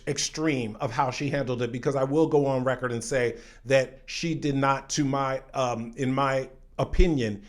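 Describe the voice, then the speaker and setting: A man teaching an online acting lesson. He talks emphatically and straight to the viewer, breaking off now and then to read aloud from an article. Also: medium pitch. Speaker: acting coach.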